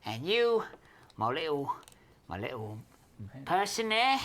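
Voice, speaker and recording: A man voicing a cheerful little male goblin who mutters to himself while painting miniatures, in a high, fussy way. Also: very animated, slow, a bit bright, exaggerated voice. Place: streaming studio.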